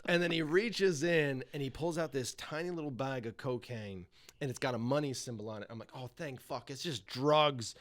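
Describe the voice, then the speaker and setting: A man's voice: medium pitch, fairly quick. A young man, a podcast guest, telling a story casually and animatedly, swearing and laughing as he goes.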